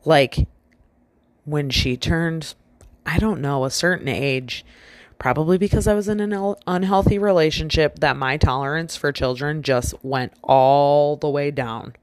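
A woman's voice: low-pitched, unhurried, dry recording. A woman with a child of her own, telling a personal story in a casual, self-reflective way, full of "like" fillers and quoted dialogue. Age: adult with a child. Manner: chatty and self-reflective, many "like" fillers, quoting herself and others.

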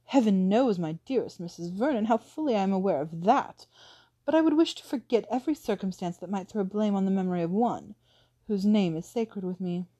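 A woman reading the lines of a smooth, scheming aristocratic widow in an audiobook, with a suave, persuasive manner. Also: medium pitch, lively intonation, a little fast, warm tone, close to an everyday voice.

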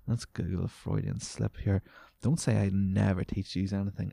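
A man's voice: low voice, level tone, normal speed, vocal fry, mellow, no room sound. A young man, a podcast host ranting casually and sarcastically, swearing as he reads news items aloud.

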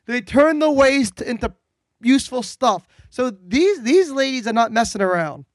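A high-pitched young man chats loosely on a podcast, stumbling and restarting his sentences and dropping curses. He is close on the mic in a dry, dead room. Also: big pitch swings, moderate pace, no echo. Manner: rambling, many restarts, swearing. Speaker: podcast co-host. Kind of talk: casual chat.

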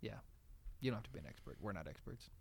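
Male podcast co-host, relaxed, rambling, laughs a lot. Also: lowish voice, fast talker, vocal fry, slightly rough. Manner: laid-back, laughs often, rambling fillers. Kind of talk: casual podcast chat. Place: small studio room with frosted glass windows.

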